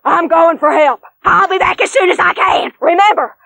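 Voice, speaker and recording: A woman voicing a loud, bossy cartoon bus driver who shouts her warnings. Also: extremely high pitch, moderate pace, vocal fry, exaggerated voice. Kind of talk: cartoon voice acting.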